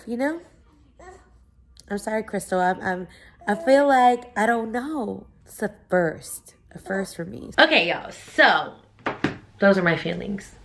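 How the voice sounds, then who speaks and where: A woman's voice: medium pitch, animated, unhurried. A young woman, chatting casually in a book vlog, gushing and full of fillers. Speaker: book vlogger.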